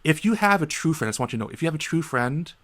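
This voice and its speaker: A man co-hosting a casual podcast, telling animated stories and acting out the people in them. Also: racing. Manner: animated storyteller, acts out other people in a high voice. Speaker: podcast co-host.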